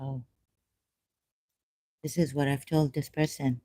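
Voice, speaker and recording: A vlogger speaking in a rambling, self-mocking monologue, sarcastic and halting, with many fillers and frequent laughs. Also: medium pitch, level tone, mellow, dry recording.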